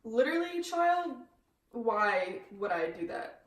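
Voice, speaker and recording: A woman plays a sassy male history teacher in a homemade school skit. He rambles with fillers and keeps clearing his throat. The voice is high and sounds distant in an echoey room with a faint hiss. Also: sing-song, takes it slowly. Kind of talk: amateur student skit acting.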